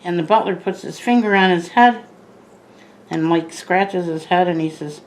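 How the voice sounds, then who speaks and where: A woman's voice: fairly low pitch, normal speed, poor audio. An older woman chatting casually to the camera as a plant vlogger, rambling with lots of asides and self-corrections.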